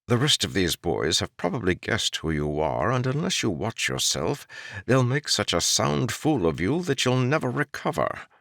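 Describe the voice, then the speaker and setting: A man's voice: lowish voice, big pitch swings, moderate pace, vocal fry, fairly bright tone, no echo, pitched above the performer's own voice, heavily acted. A man reading the part of a wry male court jester with dry, teasing banter, in an audiobook.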